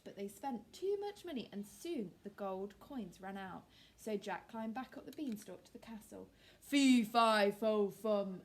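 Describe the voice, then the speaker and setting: A woman, an early years teacher, reading a fairy tale aloud and teaching young children in an animated, expressive, encouraging way. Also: mid-range voice, a little hiss or hum.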